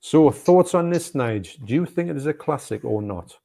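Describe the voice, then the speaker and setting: A man, co-hosting a casual film chat, enthusiastic and quick to laugh, often restarting his sentences. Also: on the high side, animated, creaky, mellow. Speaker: co-host.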